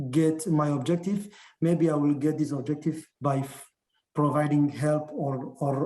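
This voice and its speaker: A man from Djibouti with a French accent, speaking English as a later language, answering on a video call with halting, restarting phrases. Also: on the high side, mellow, echoey room. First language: not English. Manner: halting, many restarts and fillers. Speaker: military officer giving a talk.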